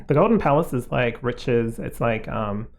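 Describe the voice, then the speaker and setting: Gravelly man giving a rambling card reading. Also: medium pitch, lively intonation, a little slow. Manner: rambling, heavy on fillers like "like" and "um"; reassuring, gently advising. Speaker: tarot card reader. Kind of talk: casual spoken card reading to viewers.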